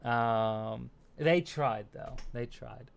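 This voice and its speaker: A young American man hosts a stream, reading viewer comments and chatting casually in a rambling, self-deprecating way full of fillers and laughs. His mid-range voice is clear and resonant, with drawn-out words and some vocal fry.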